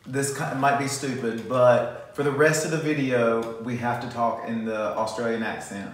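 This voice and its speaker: A man's voice: mid-range voice, fairly even intonation, normal speed, distant mic. A man, chatting in a laid-back, playful way on an eating show. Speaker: mukbang co-host. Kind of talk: casual eating-show chat. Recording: very echoey room, faint noise.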